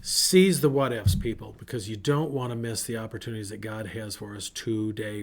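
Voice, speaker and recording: A man's voice: lowish voice, normal speed, few pauses. A man who is a pastor giving a casual, earnest devotional talk with an encouraging, conversational manner.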